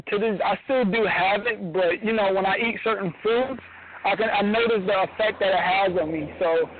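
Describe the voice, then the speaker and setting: A man's voice: high-pitched, no echo. A man co-hosting a radio show, chatting casually and often restarting his sentences. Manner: halting, restarts sentences, laughs along. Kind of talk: casual chat. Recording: dry phone-line audio.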